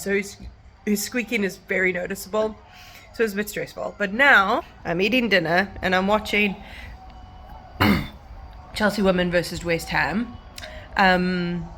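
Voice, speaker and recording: A woman's voice: medium pitch, bright, forceful tone, slight background noise. A woman from South Africa chatting casually to camera in a vlog, rambling with lots of fillers and restarts. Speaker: vlogger. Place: at home and outdoors in a park.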